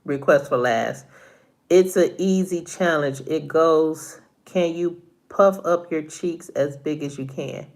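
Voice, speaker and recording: A woman's voice: low voice, slow, a little mellow. A middle-aged woman chatting casually with viewers on a live stream, laughing often, a little congested from allergies.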